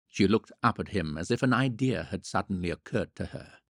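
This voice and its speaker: A man reading a novel aloud in a wry, measured storytelling manner. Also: low-pitched, lively intonation, a bit bright, husky, no echo, clean studio sound. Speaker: audiobook narrator. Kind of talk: scripted narration.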